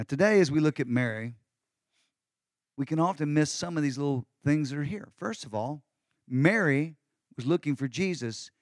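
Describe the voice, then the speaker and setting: Lively man preaching an Easter sermon. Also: fairly high pitch, no echo, clean studio sound. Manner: lively, conversational preaching with folksy asides. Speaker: pastor.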